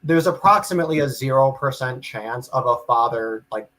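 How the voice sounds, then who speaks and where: A man with an ordinary mid-range voice hosts a loose podcast chat. He reads comments aloud and reacts in an animated way, swearing and laughing, with plenty of restarts. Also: mid-range voice, normal speed, rough recording. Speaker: podcast host.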